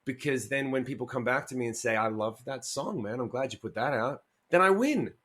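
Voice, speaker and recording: A man's voice: mid-range voice, steady tone, brisk, a bit bright. A man being interviewed as a musician guest, talking candidly, swearing freely and acting out quoted asides as he tells stories.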